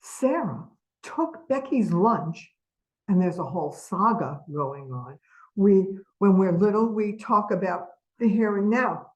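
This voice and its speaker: A woman's voice: medium pitch, lively intonation, takes it slowly, low-quality recording. A woman giving an educational webinar lecture, emphatic and putting rhetorical questions to her audience over a video call microphone. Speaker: webinar presenter.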